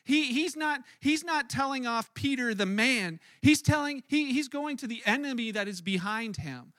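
A man's voice: very high voice, moderate pace, no echo. A man preaching a sermon, telling stories with lots of energy and often repeating words and restarting his sentences. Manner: animated storytelling with frequent word repeats and restarts. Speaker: pastor.

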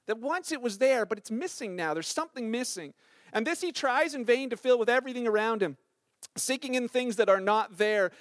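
A middle-aged man who is a pastor delivers a church sermon as lively, conversational storytelling, sprinkled with many fillers. He has a high voice, recorded at studio quality without echo.

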